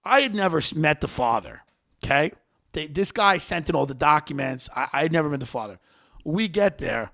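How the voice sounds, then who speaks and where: A man's voice: a little high, expressive, brisk, creaky, bright, forceful tone. A man in his thirties hosting a podcast, telling a comic story in a brash, profane way. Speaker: podcast host.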